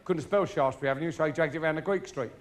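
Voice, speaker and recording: A man's voice: a little high, very fast, very noisy. A middle-aged man telling crude stories in a stand-up routine, swearing freely. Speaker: stand-up comedian. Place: live show before an audience.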